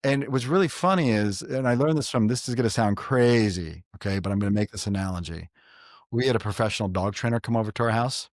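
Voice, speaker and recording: A man's voice: lowish voice, fast talker, dry recording, clean studio sound. A middle-aged man hosting a podcast, giving earnest parenting advice in casual chat and telling stories with quoted voices. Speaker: podcast host.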